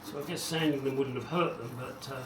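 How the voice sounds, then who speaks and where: A bit fast but steady in tone, a middle-aged man with a medium-pitched voice narrates his car restoration work, casual and wry, rambling and muttering asides. The home garage gives an echoey, distant sound with background noise.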